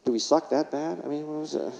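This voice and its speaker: A man's voice: on the high side, fast talker, creaky, mellow. A middle-aged man, a former paramedic, giving a keynote speech, telling stories and putting questions to the audience. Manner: storytelling, asks the audience questions. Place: large conference hall. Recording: reverberant hall, dull lo-fi sound.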